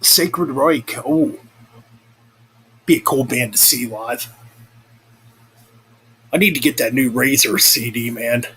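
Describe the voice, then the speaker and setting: A young man talks slowly for his vlog, pausing often in a husky, fairly bright, medium-pitched voice. His casual chat rambles, full of swearing and self-corrections, and the recording quality is low.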